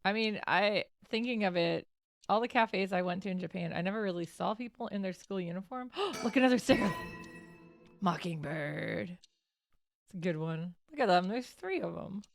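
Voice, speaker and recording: A woman's voice: mid-range voice, expressive, moderate pace, creaky, no echo. A woman streamer giving casual, giggly commentary while playing a game, game music behind her. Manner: chatty, giggly, reading game dialogue aloud. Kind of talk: casual let's-play commentary.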